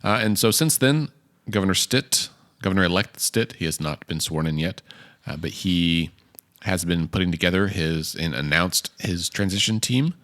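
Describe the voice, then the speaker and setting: Deep-voiced man, a podcast co-host. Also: moderate pace, a bit bright. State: has hiccups. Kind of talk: casual political chat.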